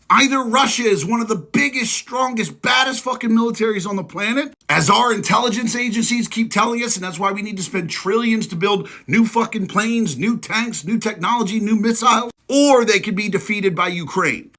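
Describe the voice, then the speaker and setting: A man's voice: sits high, pushed and bright. A man ranting as a political commentator, swearing often and stretching words out for emphasis. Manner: profane, emphatic, drawn-out stresses. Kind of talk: angry opinion rant.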